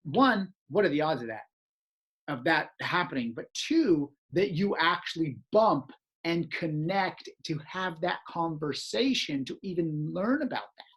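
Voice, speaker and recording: A man's voice: fairly high pitch, expressive, a little slow, fairly bright tone, breathy edge. A man hosting a podcast, telling stories in a casual chat and laughing often. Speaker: podcast host.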